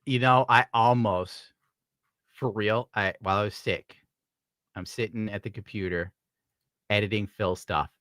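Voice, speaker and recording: A man's voice: fairly low pitch, steady tone, measured pace, long pauses, fairly bright tone, no echo, clean studio sound. A man streaming live, reading out donations in a rambling, profane, joking way. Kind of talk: casual live-stream chat.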